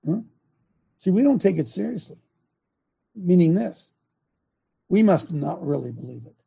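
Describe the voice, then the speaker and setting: A man's voice: high-pitched, big pitch swings, unhurried, vocal fry, warm tone, slightly rough. A man hosting a long-running talk show, preaching emphatically with rhetorical questions.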